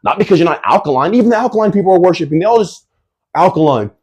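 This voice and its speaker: A brash man hosts a casual livestream Q&A in a husky, fairly high voice. His pitch leaps all over the place as he hypes himself up, tossing in "bro" and breaking into shouts. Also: animated, racing, lo-fi sound. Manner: brash, hyped, slangy with "bro"; bursts into shouting. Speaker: livestream host.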